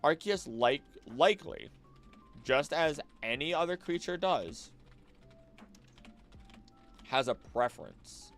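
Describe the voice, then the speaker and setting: A man's voice: fairly high pitch, lively intonation, takes it slowly, pauses often, fairly bright tone, soft background music. A young man streaming late at night, chatting casually and thinking aloud, often restarting his sentences and drifting off topic. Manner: rambling, easily distracted, musing aloud with many restarts.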